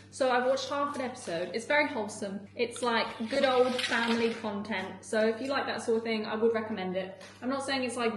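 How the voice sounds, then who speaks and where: A woman's voice: fairly high pitch, echoey room, slight background noise. A woman vlogging casually while she cooks at home, chatty and full of "like", laughing often. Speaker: food vlogger. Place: home kitchen.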